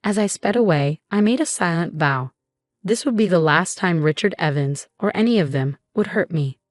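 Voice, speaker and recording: A young woman narrating a first-person story in an even, measured way. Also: on the low side, no echo. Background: faint music.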